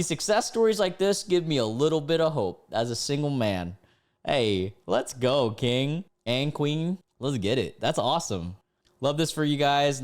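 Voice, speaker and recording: A young man reading dating app posts aloud and reacting casually, laughing and breaking into sudden high-pitched disbelief.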